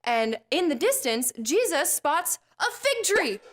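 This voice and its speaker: Female host for a kids Bible lesson, playful, jokey, with a high voice. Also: sing-song, unhurried, fairly bright tone.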